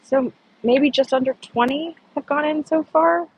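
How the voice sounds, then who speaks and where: A woman's voice: high-pitched, unhurried, slight background noise, rough recording. A woman chatting casually on an outdoor livestream, rambling and answering viewer comments. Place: outdoors on a humid morning.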